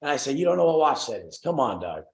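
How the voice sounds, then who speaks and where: A man's voice: mid-range voice, very animated, fast talker, gravelly, reverberant, low-quality recording. A young man hosting a group coaching call, brash and swearing, acting out the voices of people he quotes.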